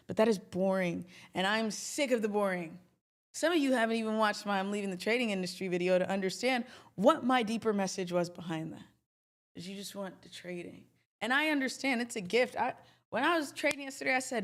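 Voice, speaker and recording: A woman's voice: mid-range voice, moderate pace. Emphatic woman hosting a livestream. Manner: animated, emphatic, chatty. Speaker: trading livestream host. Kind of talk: casual livestream talk.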